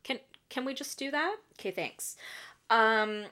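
A woman's voice: a little high, animated, a little slow, bright, forceful tone. A woman hosting a podcast and recapping reality TV in casual chat. She talks in a chatty way, laughs often and swears freely. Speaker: podcast host.

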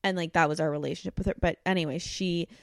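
A woman's voice: on the low side, fairly even intonation, quick pace, creaky, no room sound, studio quality. A woman in her thirties sharing a candid personal story in casual chat, saying 'like' often. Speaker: guest.

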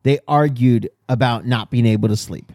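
Shivering from the cold outdoors, a man co-hosts a crude, casual podcast chat, swearing constantly and joking as he tells news stories. His medium-pitched, slightly mellow voice moves at a moderate pace, and the sound is clean and studio-like with no room sound.

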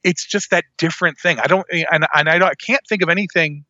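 Bright, animated man rambling. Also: fairly high pitch, fast, no room sound, muffled recording. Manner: rambling, animated, self-interrupting. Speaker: podcast co-host. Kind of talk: casual chat.

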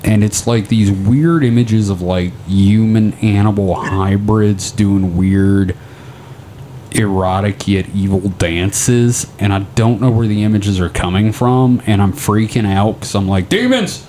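A man's voice: lowish voice, fairly even intonation, a little slow, warm tone, slight background noise. Rambling, profane podcast co-host, a man. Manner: rambling storyteller, profane, loose and joking. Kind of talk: casual podcast chat.

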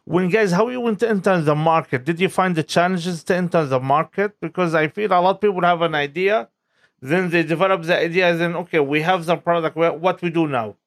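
A man interviewing business founders, asking long halting questions with frequent restarts and loose grammar. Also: fairly high pitch, dry recording, studio quality. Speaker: interviewer host.

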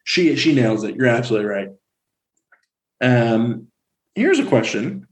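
Animated man in casual chat. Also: medium pitch, unhurried. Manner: animated, jumps into silly voices for a line. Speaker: podcast co-host. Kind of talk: casual film discussion.

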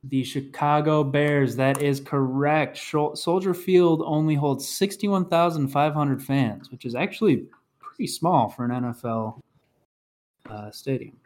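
A man's voice: a little high, measured pace, darkish tone. A man hosting a casual podcast trivia game, reading clues and announcing scores.

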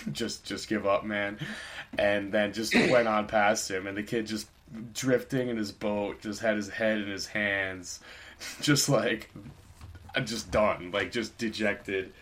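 A man's voice: fairly low pitch, fairly bright tone. A young man on a podcast, casually telling a story in a rambling, laid-back way with lots of fillers.

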